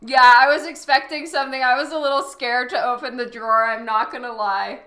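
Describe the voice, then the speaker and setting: In a reverberant recording, a woman with a high, pushed, bright voice speaks briskly with fairly even intonation. She's a livestreaming artist talking casually with her viewers while working, giggling and reacting to their chat with frequent laughter.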